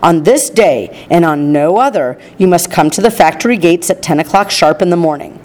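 A gentle, nervous father of a poor family speaks slowly and carefully, as a woman reader puts him on. His tone stays soft and measured in a storybook reading. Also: on the high side, animated, natural voice. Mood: solemn.

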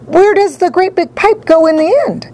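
A woman's voice: normal speed, dark tone, slight background noise. A woman voicing a panicked, shrieking middle-aged mother in a storybook reading. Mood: frantic. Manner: high-pitched panicked shrieking.

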